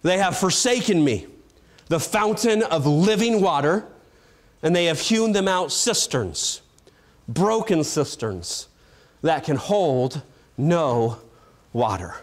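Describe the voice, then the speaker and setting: A man preaching an evangelistic sermon, building to loud shouted passages and then dropping to a low, quiet delivery. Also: animated, takes it slowly.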